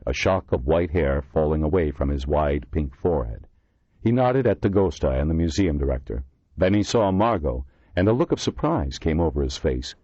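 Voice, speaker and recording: A man reading a horror thriller audiobook in expressive, measured narration. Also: low voice, no echo. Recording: dull lo-fi dry recording.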